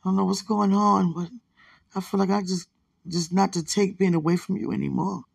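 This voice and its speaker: Soft-spoken woman with a gravelly, husky voice, murmuring an intimate late-night phone message from bed. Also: mid-range voice, steady tone, a little fast, dry recording. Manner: soft, hushed, rambling and affectionate, often religious. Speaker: partner leaving a voice message. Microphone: phone held close to the mouth.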